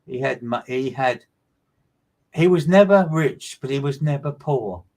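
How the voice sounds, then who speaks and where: A man's voice: medium pitch, measured pace, a little mellow. A man working as a medium, giving a live streamed reading in a repetitive, emphatic way and greeting listeners by name.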